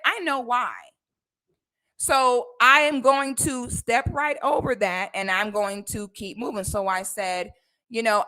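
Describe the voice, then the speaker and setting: A woman vlogger telling a personal story to camera in casual, slangy speech. She acts out the people in her story with animated quotes. Her voice sits fairly high and sounds bright and forceful. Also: a little slow.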